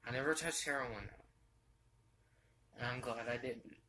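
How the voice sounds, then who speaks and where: A young man telling a personal story from his bed, halting and restarting often as he talks. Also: mid-range voice, pushed and bright, a little hiss or hum, low-quality recording. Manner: halting, with frequent restarts and fillers. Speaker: vlogger. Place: bedroom, sitting on his bed.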